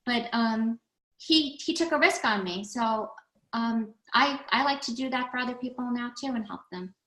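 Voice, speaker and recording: Brief: middle-aged woman guest, blunt animated storyteller, bright higher voice, echoey room. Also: moderate pace. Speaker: guest, recovery center founder. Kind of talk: casual podcast interview.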